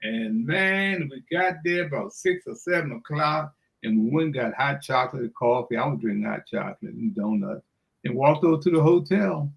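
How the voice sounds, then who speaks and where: An older man telling a lively story on the radio. He acts out the voices as he goes, laughs often, and keeps calling the listener "man". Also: mid-range voice, moderate pace, gravelly, poor audio. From Washington DC area. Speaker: guest storyteller. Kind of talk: animated anecdote on radio.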